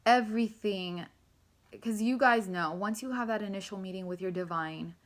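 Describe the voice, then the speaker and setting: A woman's voice: mid-range voice, moderate pace. A young woman giving a casual, rambling tarot reading to her viewers, emotional and swearing freely. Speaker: tarot reader.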